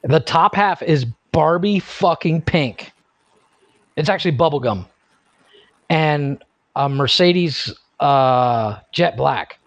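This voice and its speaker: A man's voice: on the high side, expressive, takes it slowly, no room sound. A man in his thirties co-hosting a podcast, chatting casually, swearing freely and laughing at his own stories. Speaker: podcast co-host. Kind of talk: casual chat. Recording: dry, muffled lo-fi sound.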